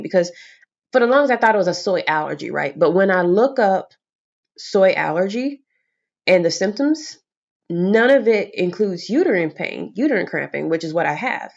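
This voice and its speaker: Animated young woman vlogger, slightly muffled. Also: on the low side, normal speed, gravelly. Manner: animated, expressive, swears casually. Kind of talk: casual storytelling to camera.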